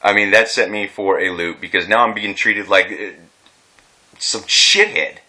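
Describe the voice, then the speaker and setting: A man's voice: on the low side, steady tone, a little slow, pushed and bright. A veteran man telling his own story in an unscripted vlog, rambling and agitated, swearing often and restarting his sentences. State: distressed.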